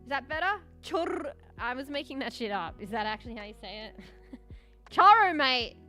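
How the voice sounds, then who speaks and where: A woman's voice: a little high, animated, brisk, bright, forceful tone, faint music behind. An Australian woman streaming as a VTuber, chatting casually in a rambling way, swearing and chuckling now and then. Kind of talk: casual live-stream chat.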